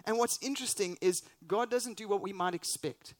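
A man's voice: high voice, moderate pace, no echo. A man preaching a sermon as pastor, earnest and emphatic, with rhetorical questions.

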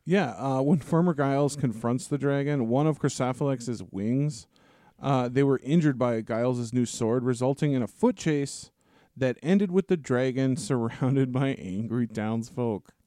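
A man co-hosts a podcast in easygoing casual chat, with a few hesitant fillers as he retells a story. His tone is mellow and the recording is dry and close. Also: medium pitch, unhurried, no room sound. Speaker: podcast co-host.

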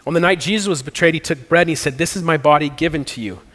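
Racing along with a fairly bright voice on the high side, a man pastoring in a church sanctuary preaches and leads communion and prayer. He stays earnest and conversational, sprinkling in slang, while the recording rings with long hall reverb.

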